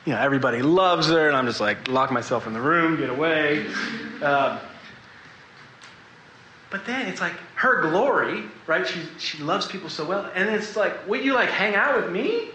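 A man gives a sermon in an echoey church hall, with a bright, forceful, slightly high voice. He speaks earnestly and confessionally, drawing the congregation in with questions. Faint room ambience sits under his words. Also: lively intonation, normal speed, a little hiss or hum. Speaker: preacher.

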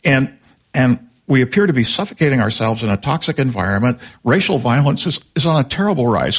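An older man delivering a sermon at a middle pitch. His preaching is conversational, slipping into quick asides and voicing little exchanges of dialogue. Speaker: pastor.

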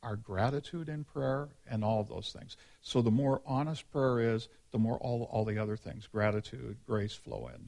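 A man's voice: lowish voice, creaky, darkish tone. A male pastor giving a sermon in a candid, conversational and informal way.

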